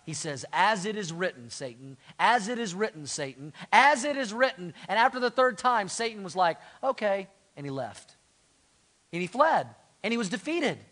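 A middle-aged male pastor delivers a sermon in a high, bright voice. He preaches with animated energy and calls on the congregation to answer back. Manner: animated, call-and-response with congregation.

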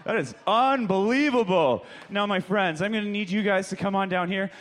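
A man pastor leading children through a dramatic Bible story retelling on a church stage, swinging from loud emphasis to hushed whispers. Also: sits high, moderate pace, few pauses.

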